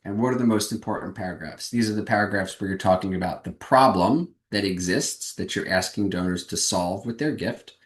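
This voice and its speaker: A man's voice: low-pitched, brisk, few pauses, roomy sound. A man giving a webinar presentation on fundraising, speaking energetically and emphatically over a video call.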